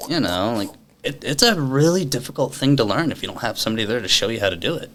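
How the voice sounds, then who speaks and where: Lively, profane man telling stories. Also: medium pitch, fast. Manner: animated, profane, laughs often. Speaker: podcast guest. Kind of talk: casual storytelling chat.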